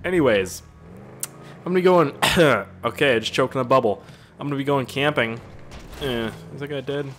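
Young dude rambling over gameplay, crude jokes, mid pitch, kinda goes off on tangents. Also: male voice, moderate pace, pauses often, fairly bright tone, a little hiss or hum. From Canada. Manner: rambling, crude, joking, easily sidetracked. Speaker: gaming channel host. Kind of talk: casual gameplay commentary.

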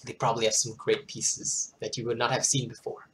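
Hoarse host giving poems a theatrical reading, with loose, chatty asides between them. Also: mid-range voice, fairly quick. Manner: expressive, theatrical recitation, then chatty and self-deprecating. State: hoarse, worn-out throat. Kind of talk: dramatic poetry reading with casual asides.

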